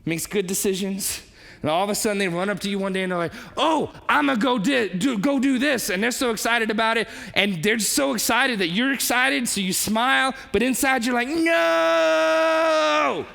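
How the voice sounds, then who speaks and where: A man preaching a sermon as a pastor, animated and conversational, acting out quoted voices and asking the congregation questions. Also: sits high, a little fast, creaky. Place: church hall. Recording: long reverb of a large hall.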